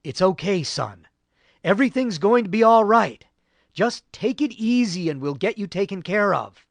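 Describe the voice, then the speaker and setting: A man reading an audiobook, voicing a lieutenant who talks low and firm to calm his men. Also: normal speed, vocal fry, dry recording. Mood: soothing. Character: gentle, steady male lieutenant, platoon leader.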